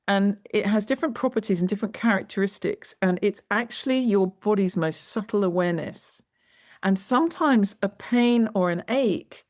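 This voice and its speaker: A woman guest, a movement educator, explains her work during an interview conversation, lecturing emphatically and stressing key words. Her voice is mid-range with a darkish tone. The studio sound is clean, with no room sound.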